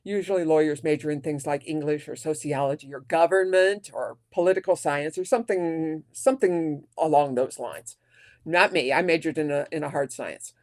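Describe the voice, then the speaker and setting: A woman's voice: sits low, moderate pace, a little mellow. Wry woman in her fifties as guest. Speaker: guest, attorney. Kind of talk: casual interview answer.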